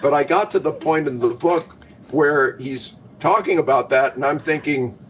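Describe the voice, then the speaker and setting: An older man, a guest in casual chat, wry and joking with quick quips. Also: on the high side, slight background noise, poor audio.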